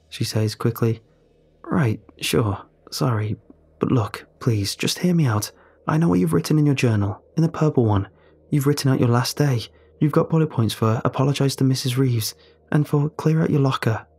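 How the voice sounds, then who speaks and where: A man calmly narrating a first-person horror story in a measured, storytelling way. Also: mid-range voice.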